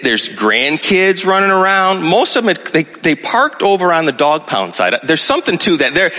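A man in his sixties gives a sermon, telling his story with lively swings in pitch and checking that listeners follow him. His voice is bright and forceful. A long reverb hangs on every phrase, as in a large hall. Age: 60s. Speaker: pastor.

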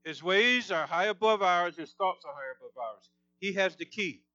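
A man preaching a sermon, fervent and emphatic, his voice climbing higher as he gets excited. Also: moderate pace, no room sound, dull audio.

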